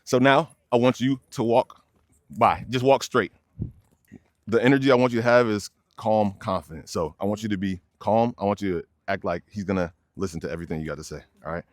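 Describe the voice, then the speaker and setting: A man's voice: fairly low pitch, brisk, dry recording, studio quality. A young man, a dog trainer, explaining leash work casually outdoors and addressing viewers as y'all. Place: outdoors by a fence near many dogs.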